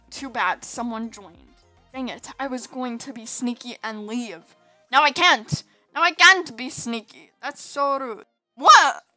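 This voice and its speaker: High-voiced woman, bright tone, sleepy, chatty and giggly, casual gameplay chatter. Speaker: gaming video host.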